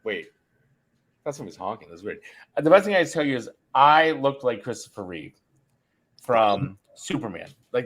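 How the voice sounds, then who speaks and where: In a casual podcast chat, a middle-aged host with a medium-pitched, slightly bright voice works through a long, meandering story, often breaking into his own sentences.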